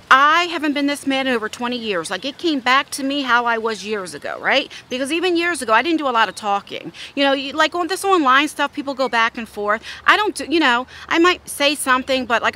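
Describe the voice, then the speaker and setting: A woman's voice: high voice, bright, forceful tone. A middle-aged woman vlogger telling a story in a casual, blunt way, with some swearing.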